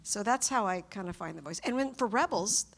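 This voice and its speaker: A woman voice actor on a convention panel, telling stories in an animated, chatty way and acting out quotes. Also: mid-range voice, a little fast.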